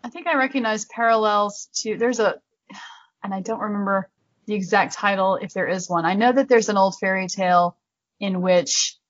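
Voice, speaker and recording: A woman's voice: medium pitch, moderate pace, no echo, muffled recording. A woman in a casual book discussion, curious and questioning, telling stories loosely.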